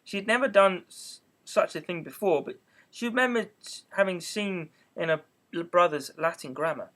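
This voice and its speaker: A man's voice: high voice, animated, moderate pace, a bit bright. A man narrating an amateur audiobook reading, telling the story steadily with small stumbles.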